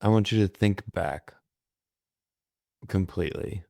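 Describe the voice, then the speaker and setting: Deep gravelly dry-humored man. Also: measured pace, warm tone, no room sound. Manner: dry, understated, reluctant talker. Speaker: guest interviewer, host's husband. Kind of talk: casual chat.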